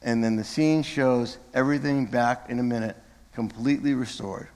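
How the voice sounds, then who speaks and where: A man's voice: mid-range voice, fairly even intonation, moderate pace, a little mellow. Man preaching in an echoing church. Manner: conversational, with self-corrections and asides to the congregation. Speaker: pastor. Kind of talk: sermon. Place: church sanctuary.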